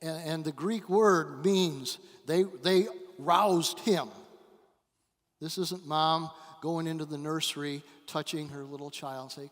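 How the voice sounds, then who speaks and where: Guest pastor, male, slow dramatic sermon delivery, slightly high voice, long church reverb. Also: fairly even intonation. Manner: dramatic storytelling with long pauses and swings in volume. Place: church sanctuary.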